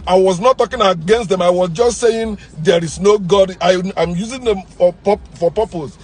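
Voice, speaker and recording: A man with a Nigerian English accent hosting his channel in a ranting monologue, swinging between loud outbursts and low muttering. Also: normal speed. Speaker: channel host.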